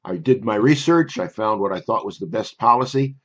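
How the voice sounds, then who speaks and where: An older man, a memory course instructor, telling a personal story in a wry, conversational way before pitching his course. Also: lively intonation, brisk, breathy edge, muffled recording.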